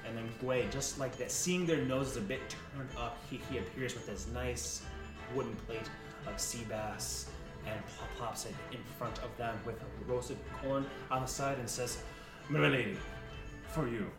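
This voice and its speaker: A man's voice: medium pitch, normal speed, recorded from a distance. Man game master narrating, roomy. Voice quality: lively, animated storytelling. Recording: echoey room from off-mic, music behind.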